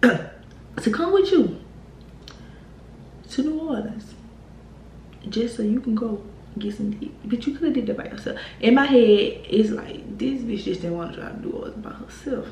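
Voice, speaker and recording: Animated young woman telling a story. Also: fairly high pitch, normal speed, pauses often. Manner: animated, heated retelling with profanity and laughs. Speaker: YouTube storyteller. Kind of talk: casual storytime vlog. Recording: echoey room with faint noise.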